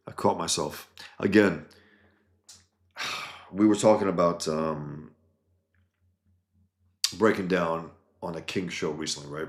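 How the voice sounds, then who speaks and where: A man's voice: low-pitched, reverberant. A man hosting a livestream, talking in a blunt, scornful way with many fillers and restarts. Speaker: livestream host. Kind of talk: casual livestream commentary.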